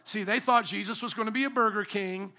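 A man preaching a sermon as pastor, lively and humorous, acting out quotes and asking the congregation questions. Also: sits high, brisk. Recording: recorded during a church service.

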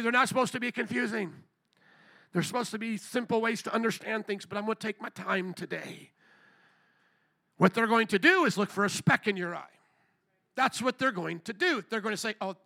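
A man's voice: very high-pitched, bright, forceful tone. A male pastor preaching a sermon emphatically and punchily, repeating phrases and calling for amens. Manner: emphatic and punchy, with many repetitions and calls for amen.

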